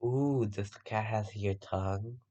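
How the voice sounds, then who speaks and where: A man voicing a menacing skeleton boy in a low, hushed, threatening way for a fan story. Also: slow pace, muffled recording.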